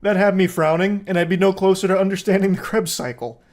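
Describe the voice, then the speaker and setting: A man's voice: high voice, fairly even intonation, quick pace, a little mellow. A man giving casual commentary on a news story, dry and wry, swearing and cracking jokes along the way. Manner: dry, wry delivery laced with profanity and jokey asides. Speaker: commentator host.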